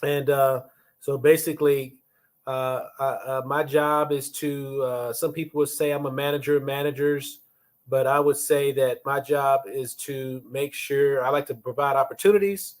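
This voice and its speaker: A man's voice: medium pitch, fairly even intonation, normal speed. A man in his fifties hosting a casual leadership livestream from a phone or webcam, chatting and greeting viewers by name.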